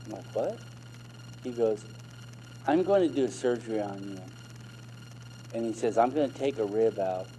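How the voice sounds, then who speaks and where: A man's voice: on the low side, lively intonation, normal speed, pauses often, dark tone, a little hiss or hum, poor audio. A middle-aged man, a minister, telling his own story as a sermon testimony, retelling conversations with repeated emphatic phrases.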